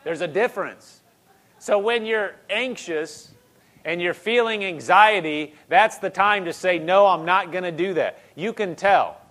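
A man's voice: sits high, measured pace, a bit bright. A man preaching a conversational sermon, repeating phrases and rising into emphatic bursts.

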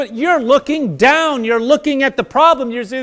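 A man's voice: extremely high pitch, measured pace, few pauses. A man preaching a sermon, earnest, acting out the prayers of the people he addresses. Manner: earnest, acts out prayers in quoted voices.

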